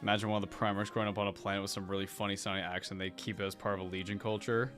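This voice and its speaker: A man's voice: fairly low pitch, level tone, rapid-fire, a bit bright, soft background music. A man streaming his miniature painting, chatting casually and rambling about paints with a loose, sweary way of talking. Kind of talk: casual hobby chat while painting.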